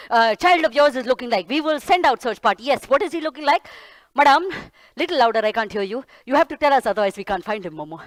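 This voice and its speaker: A woman's voice: sits high, no room sound. Woman playing Murk, a blustering Indian hunter. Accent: Indian English. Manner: fussy, rambling, repeats herself. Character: blustering bumbling hunter with pet Momo. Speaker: solo stage performer. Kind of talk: one-woman stage play.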